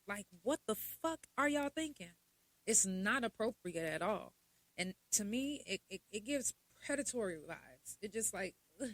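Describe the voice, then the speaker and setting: A young adult woman, hosting a podcast in a blunt, profane, animated casual monologue. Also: mid-range voice, unhurried, dry recording. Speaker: podcast host.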